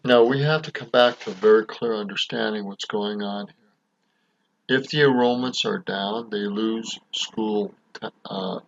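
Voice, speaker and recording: A man's voice: on the low side, measured pace, vocal fry. A man commenting over an interview clip, repeating and stressing the key points. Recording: dull lo-fi audio.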